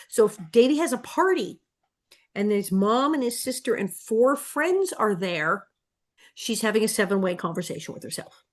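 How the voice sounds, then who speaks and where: Woman in her 60s, podcast guest, lively storyteller with frequent laughs. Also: mid-range voice, a little slow. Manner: animated storyteller, laughing often. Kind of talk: casual interview storytelling.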